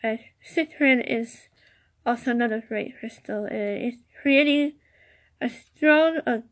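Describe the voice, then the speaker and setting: Woman podcast host, slightly high voice, slow halting read with fillers, chatty asides. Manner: slow, halting reading with many fillers and restarts. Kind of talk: casual solo podcast about crystals.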